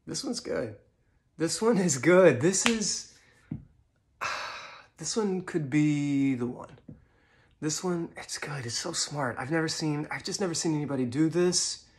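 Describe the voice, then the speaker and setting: A man voicing an anxious small-time YouTuber who talks quietly to himself. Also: on the high side, animated, a little slow. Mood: nervous hope. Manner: muttering, hushed self-talk.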